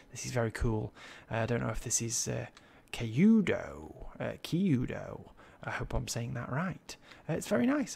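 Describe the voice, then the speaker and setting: A man with a gravelly, mid-pitched voice talks through a video game tour in a relaxed, chatty way. He admires what he sees and fills pauses with ums and uhs. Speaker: Minecraft server tour host. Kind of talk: casual gameplay commentary.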